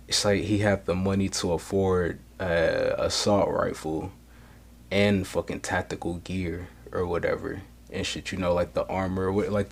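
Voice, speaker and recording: Deep-voiced man, blunt profane podcast rant. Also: gravelly. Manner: blunt, profane street talk; rises loud when worked up. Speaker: podcast host. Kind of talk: solo podcast commentary.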